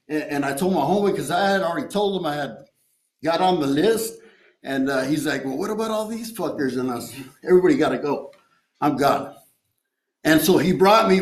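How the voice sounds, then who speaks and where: A man's voice: fairly high pitch, reverberant, rough recording. A man sharing his recovery story at a meeting, streetwise and profane, tossing in "you know" and "right?". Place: meeting room.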